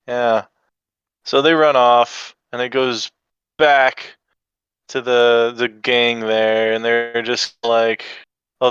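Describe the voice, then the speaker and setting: A man's voice: medium pitch, fairly bright tone, clean tone, dry recording, dull audio. A man guesting on a podcast, recapping an episode in a laid-back, rambling way. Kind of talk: casual chat.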